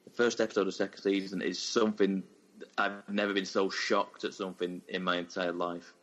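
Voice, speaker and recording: A man co-hosting a casual podcast, talking with halting restarts and eager enthusiasm. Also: low-pitched, level tone, fairly bright tone, poor audio. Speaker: podcast co-host. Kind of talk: casual chat.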